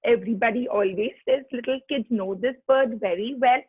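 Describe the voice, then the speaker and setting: A woman's voice: a little high, normal speed, breathy edge, dry recording. A woman teaching young children, coaxing them in a sing-song voice to join in. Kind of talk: online kids' lesson. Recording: tinny phone-like line.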